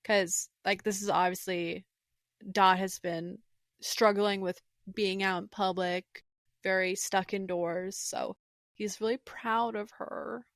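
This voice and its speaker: A woman's voice: mid-range voice, fairly even intonation, slow, dry recording, clean studio sound. A woman co-hosting a podcast, telling an episode's plot in casual, storytelling chat. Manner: storytelling, warmly recounting scenes. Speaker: podcast co-host.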